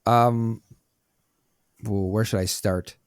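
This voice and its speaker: A man co-hosting a podcast in casual chat, animated and teasing as he asks questions. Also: on the low side, takes it slowly, smooth, no echo, clean studio sound. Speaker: podcast co-host asking questions.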